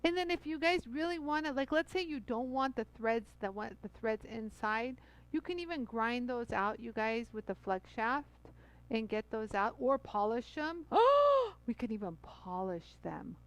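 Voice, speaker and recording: Bubbly high-voiced woman hosting a live demo. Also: expressive, moderate pace, low-quality recording. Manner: bubbly, chatty, many fillers, addresses viewers as "you guys". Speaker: host of a live jewelry tool demo. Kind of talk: live-stream product demo.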